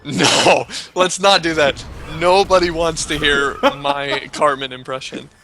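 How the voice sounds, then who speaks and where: A man's voice: a little high, measured pace, a crowd in the background. A man co-casting a live esports match, laid-back with dry, teasing humour while he analyses the play. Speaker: esports co-caster.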